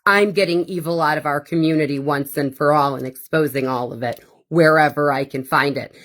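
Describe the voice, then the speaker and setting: A woman's voice: low voice, a little fast, a bit bright. A woman hosting her own podcast, delivering a blunt, profane and combative monologue with sarcastic asides. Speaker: podcast host. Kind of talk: ranting monologue.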